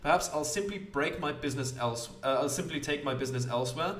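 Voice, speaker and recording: A man voicing a sharp-tongued young woman investigator with a British accent and a wry, dry manner. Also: on the high side, fast talker, reverberant, far from the mic, close to an everyday voice.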